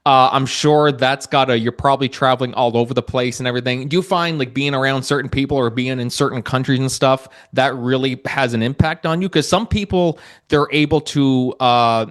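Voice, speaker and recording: A man's voice: mid-range voice, fairly even intonation, normal speed, hardly any pauses, fairly bright tone. Male podcast host, loose rambling delivery, lots of fillers and restarts. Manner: rambling, many restarts and fillers, laughs easily. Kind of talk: casual podcast interview.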